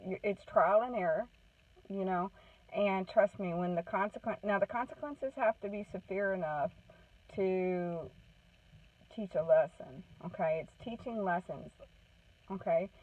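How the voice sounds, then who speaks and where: A woman's voice: medium pitch, measured pace. Woman, parenting advocate, casual earnest advice, checks in with listeners, distant tinny sound. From Maine. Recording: tinny phone-like sound from off the mic.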